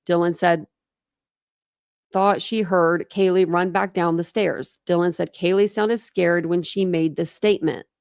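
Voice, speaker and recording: A young woman hosts a true crime show, reading official documents aloud and stopping often to think out loud in a casual, filler-heavy way. Her voice sits a little low and has a gravelly edge. The sound is dry and close, with no room around it. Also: steady tone, measured pace, dry recording. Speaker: true crime channel host.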